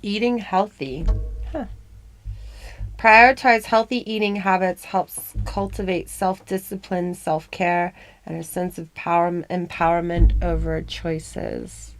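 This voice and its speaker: Slow, playful woman reading tarot. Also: lowish voice, fairly even intonation, faint music behind. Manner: playful, teasing, giggly, slides into mock-villain boasts. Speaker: tarot reader in demon character. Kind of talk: improvised live comedy tarot reading.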